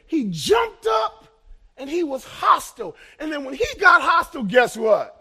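A man pastor from Los Angeles, in his fifties, preaches with a strikingly high voice roughened by gravel and a bright, forceful edge. He swings between fervent shouted peaks and quiet, hushed asides. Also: sing-song, moderate pace. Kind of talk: sermon.

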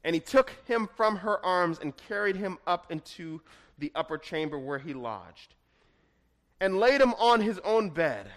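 Preacher, male, high-pitched voice; builds from quiet reflection to forceful proclamation. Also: sing-song, unhurried. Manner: swings from hushed to emphatic; reads scripture aloud in a dramatic way. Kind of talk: expository sermon.

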